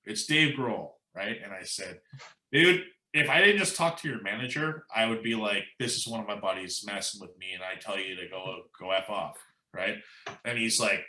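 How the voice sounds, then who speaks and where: Recorded roughly in an echoey room, a male American musician guest speaks at normal speed with a fairly low pitch. During the casual interview he animatedly recounts a story, quoting people and filling gaps with "like" and "you know."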